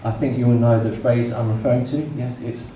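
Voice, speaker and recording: Male comic, mid-pitched, stand-up storytelling, recorded from far off in a noisy echoey club. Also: little pitch movement, quick pace. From England. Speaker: stand-up comedian. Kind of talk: stand-up comedy set. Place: comedy club stage in front of an audience.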